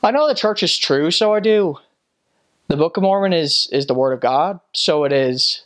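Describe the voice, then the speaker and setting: A man's voice: fairly high pitch, lively intonation, normal speed, fairly bright tone, pitched above the performer's own voice. A man doing a lilting Northern Irish townsman. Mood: proud. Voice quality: sing-song, up and down.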